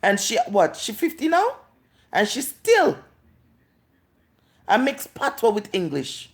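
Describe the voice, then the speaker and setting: A woman's voice: mid-range voice, huge pitch swings, slow. A woman in her late thirties with a Jamaican accent, ranting and scolding on a live stream, drawing out words for emphasis. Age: 30s. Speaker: vlogger.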